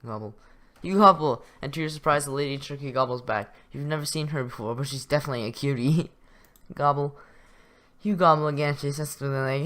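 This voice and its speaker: A man's voice: medium pitch, normal speed, fairly bright tone, smooth. Young male gaming YouTuber, chuckly casual read-through, trips on words. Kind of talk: reading a text game aloud with commentary.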